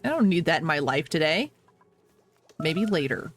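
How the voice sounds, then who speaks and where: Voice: medium pitch, big pitch swings, normal speed, a bit bright, slight background noise. A game streamer chatting casually to viewers while playing, laughing often and apologizing a lot. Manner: talks to chat, reacting to the game.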